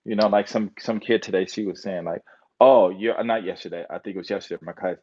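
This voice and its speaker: In a dull lo-fi recording, an American man with a low, steady, slightly mellow voice talks fast. His monologue drifts aimlessly, full of fillers and loose threads of thought.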